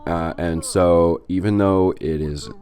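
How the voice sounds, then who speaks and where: A very low-voiced man co-hosting a comedy podcast. He delivers absurd bits in a slow, mock-serious deadpan, as if every word is a formal announcement. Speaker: podcast co-host.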